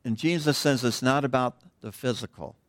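Middle-aged male pastor, relaxed conversational sermon, rambly asides, trails off quietly, dry close sound. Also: mid-range voice, normal speed, no room sound. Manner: digressive, drops to a hush at phrase ends. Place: church.

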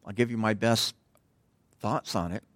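A man's voice: lowish voice, a little slow, no room sound. Digressive middle-aged man preaching. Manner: digressive, drops to a hush at phrase ends. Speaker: pastor. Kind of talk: conversational sermon. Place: church.

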